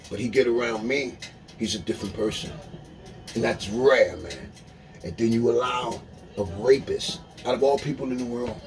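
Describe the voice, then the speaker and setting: A man's voice: mid-range voice, rough recording. A man delivering a blunt, profane ranting monologue, swearing often and repeating words for emphasis.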